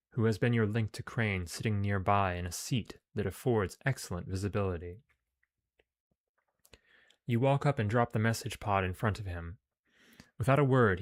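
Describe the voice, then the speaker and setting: A man's voice: on the low side, dry recording, clean studio sound. A man reading game text aloud as narration, with casual, sometimes profane asides. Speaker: game streamer.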